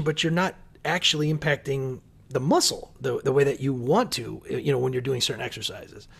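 A man hosting a podcast interview, agreeable and quick to laugh, often restarting his phrases. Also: a little high, breathy edge. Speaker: podcast host. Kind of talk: casual interview chat.

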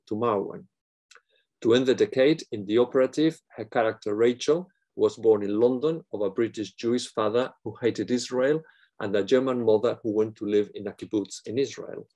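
A middle-aged man delivering an academic plenary lecture, reading a prepared text in a measured way with occasional fillers and restarts. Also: lowish voice, a little mellow.

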